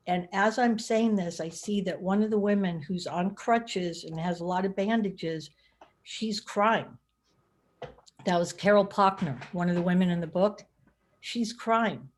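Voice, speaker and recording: A middle-aged woman from California, an author giving a talk, telling a lively anecdote in a conversational way with plenty of fillers. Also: medium pitch, unhurried. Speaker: guest speaker, author. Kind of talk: storytelling talk.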